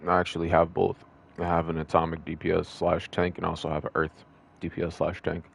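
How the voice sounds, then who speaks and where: A man's voice: deep voice, monotone, brisk, vocal fry. A young man streaming live, chatting casually with his viewers while eating. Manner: eating while talking, munching.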